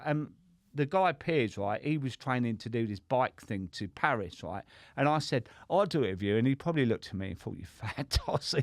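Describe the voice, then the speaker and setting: A man's voice: medium pitch, no echo, clean studio sound. A middle-aged man, a guest on a podcast, telling his story in a chatty, sweary way and often asking "right?". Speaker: sobriety coach and podcast guest. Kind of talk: casual conversational storytelling.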